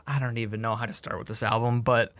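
A man's voice: medium pitch, level tone, brisk, fairly bright tone. A man co-hosting a casual music review podcast, hesitant and full of fillers, with laughing asides. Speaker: podcast co-host reviewing albums. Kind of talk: casual chat.

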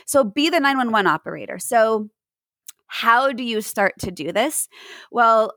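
A woman's voice: on the high side, expressive, measured pace, pushed and bright, no echo, rough recording. A woman giving mindfulness advice to parents in an interview, earnest and acting out examples as she explains.

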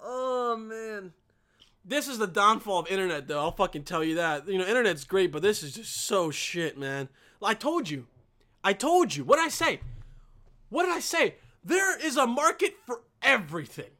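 Foul-mouthed man ranting, bright tense voice. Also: high-pitched, sing-song, normal speed. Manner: foul-mouthed, exasperated, swings into yelling. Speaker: reaction video host. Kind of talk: profane comedic reaction rant.

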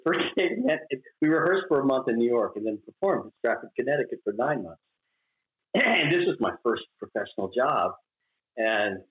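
An older man from Mississippi, a guest telling stories in an interview, laughing often and acting out quotes. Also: mid-range voice. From Mississippi, US South. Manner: animated, laughing, acts out quotes. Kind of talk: storytelling interview chat. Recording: roomy, dull recording.

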